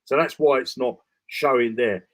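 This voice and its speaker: A man's voice: mid-range voice, steady tone, normal speed, fairly bright tone. A man walking through a trading bot dashboard during a live screen-share broadcast, talking casually with restarts, fillers and frequent "okay?" checks. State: tired, yawning. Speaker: crypto trading bot presenter.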